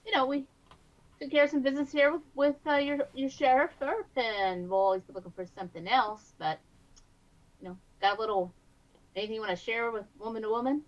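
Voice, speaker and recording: A woman's voice: a little high, brisk, highs cut off, lightly acted. A woman playing a friendly, respectable, self-made woman of the old west, in her own voice.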